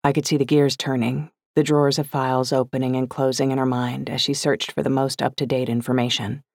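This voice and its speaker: A woman's voice: rumbling low, flat delivery, fairly quick, a little mellow, no room sound. A woman narrating a first-person audiobook with wry, dry humour.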